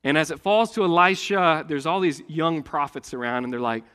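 A man preaching a sermon, telling a story with great animation and swinging between loud and hushed delivery. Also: a little high, brisk, few pauses, in a large hall.

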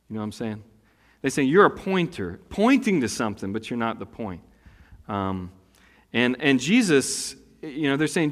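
A man's voice: mid-range voice, big pitch swings, a little slow, a bit bright. A male pastor delivering a conversational sermon, telling a story with acted asides. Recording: long hall reverb.

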